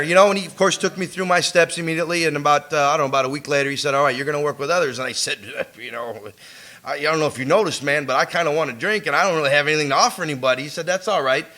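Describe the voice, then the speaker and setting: Guy at an aa meeting telling his story, high voice, bright and sharp, lots of slang and cussing. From United States. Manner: streetwise storytelling, slangy and swearing; animated, acts out quotes with laughter. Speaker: AA speaker. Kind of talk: recovery meeting talk. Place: meeting room before an audience.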